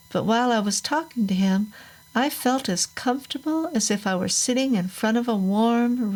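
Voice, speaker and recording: A woman reading a first-person horror story aloud in a measured, unhurried storytelling manner. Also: mid-range voice, rough recording. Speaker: narrator. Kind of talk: scripted horror story narration.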